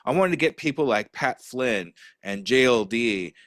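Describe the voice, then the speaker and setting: A man hosting a podcast interview, chatting casually with a self-deprecating, lively manner. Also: mid-range voice, normal speed, no echo, studio quality. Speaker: podcast host.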